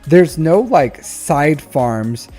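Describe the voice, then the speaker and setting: A man with a mellow, relaxed voice talks through a viewer's account in casual live-stream commentary. He rambles, doubles back and leans on "like" and "um" as he thinks aloud, with faint music playing softly behind him. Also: a little high, extremely slow. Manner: rambling, repeats phrases, frequent "like" and "um". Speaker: streamer giving account reviews.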